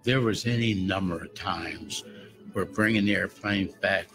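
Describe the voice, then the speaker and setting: A man's voice: deep voice, measured pace, poor audio. A man in his nineties, a war veteran, telling his wartime memories in a vivid, plain-spoken way. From United States. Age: 90s. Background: background music.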